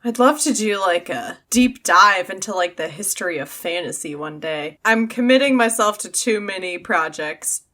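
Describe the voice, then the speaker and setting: A young woman with a bright, forceful voice hosts a casual book podcast. She rambles and circles back on herself, packing her sentences with fillers as she thinks aloud. Her pitch sits in a middle range for a woman. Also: moderate pace, few pauses. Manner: rambling, animated, many fillers. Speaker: podcast host. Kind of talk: casual book-discussion chat.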